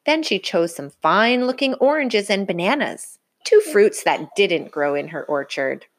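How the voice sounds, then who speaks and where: A woman reading a picture book aloud to a child in an expressive, sing-song way. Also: mid-range voice, measured pace. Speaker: storybook reader.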